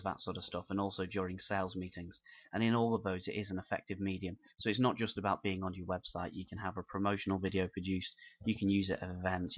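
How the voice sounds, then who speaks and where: With a deep voice on a muffled recording, a man from the United Kingdom teaches business marketing off the cuff. His manner is earnest and encouraging, and he keeps it conversational.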